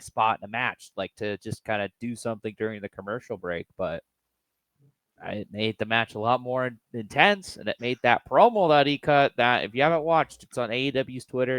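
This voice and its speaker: A man's voice: medium pitch, a bit bright, clear, resonant tone. A man with a mid-range voice chats loosely about wrestling as a podcast co-host, casual and a little profane. The sound is dry, with no room echo. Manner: casual, loose, some swearing. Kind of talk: casual chat.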